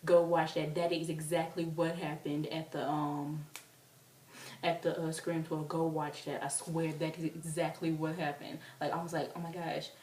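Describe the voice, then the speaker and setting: A young woman telling a story casually as a vlogger, excitable and chatty with lots of fillers. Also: low-pitched, moderate pace, a little hiss or hum. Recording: roomy, distant from the mic.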